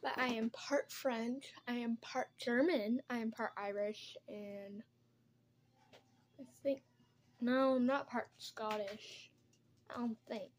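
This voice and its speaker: Casting: young woman vlogger, high voice, unhurried, rambling chat, faint hiss behind. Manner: chatty, rambling while doing makeup. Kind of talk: casual get-ready-with-me chat.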